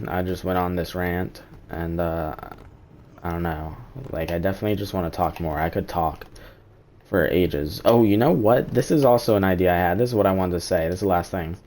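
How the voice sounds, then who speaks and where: A man's voice: low voice, darkish tone, slight background noise. A man streaming a game, rambling through his opinions in casual chat and swearing now and then. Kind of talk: casual live-stream commentary.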